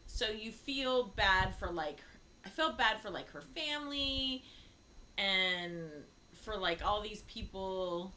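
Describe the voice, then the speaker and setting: Lively, bright-voiced woman co-host. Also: slow, a little hiss or hum, poor audio. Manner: laughs often, acts out quotes with big pitch jumps. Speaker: podcast co-host. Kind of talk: casual chat.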